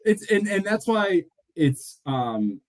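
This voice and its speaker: Animated, fast-storytelling podcast guy. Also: high voice. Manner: animated storyteller acting out quotes. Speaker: podcast co-host; mortgage loan officer. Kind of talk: casual chat.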